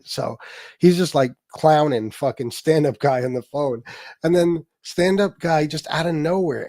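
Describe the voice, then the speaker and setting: A middle-aged man hosting a casual livestream, telling stories in a profane, mocking and lively way. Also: on the high side, moderate pace, no echo. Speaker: livestream host.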